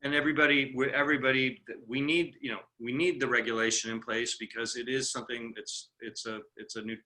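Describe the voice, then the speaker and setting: A man's voice: mid-range voice, flat delivery, fast talker, bright, forceful tone. A middle-aged man from California hosting a casual conversation, chatty and full of fillers. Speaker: host.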